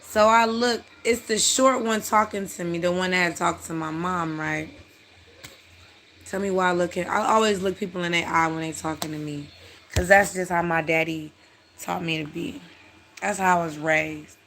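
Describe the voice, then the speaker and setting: A speaker telling a personal story in a casual, animated, blunt way with frequent swearing. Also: mid-range voice, moderate pace, a little hiss or hum.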